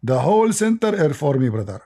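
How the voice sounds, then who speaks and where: A man's voice: on the high side, very animated, a little fast, gravelly, mellow. A middle-aged man with an Arabic accent hosting a livestream, blunt, mocking and emphatic in his commentary. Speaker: livestream host.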